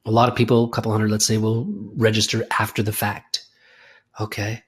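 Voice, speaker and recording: A man hosting a live audio call, guiding listeners through a slow, soothing visualization and chatting casually. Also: lowish voice, monotone, breathy edge. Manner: slow, soothing, drawn-out guidance. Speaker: host leading a guided meditation.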